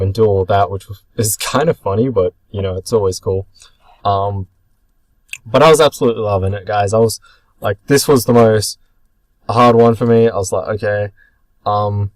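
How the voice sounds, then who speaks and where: A young man casually narrating his own card game match, chatty and rambling, often pausing to correct himself. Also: fairly low pitch, darkish tone, dry recording, rough recording. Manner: chatty, rambling, self-correcting with many ums. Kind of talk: casual commentary over match footage.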